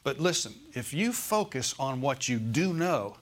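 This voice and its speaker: Very animated but a little slow, this American male pastor uses a medium-pitched voice to preach to his congregation in a church sanctuary. He repeats key phrases emphatically and asks the room whether they follow.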